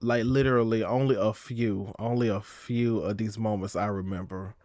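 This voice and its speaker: A man's voice: on the low side, steady tone, normal speed, a little mellow, dry recording, studio quality. A young man live-streaming in a sassy, chatty way, swearing a lot and calling his viewers "girl" and "y'all.". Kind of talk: casual live-stream chat.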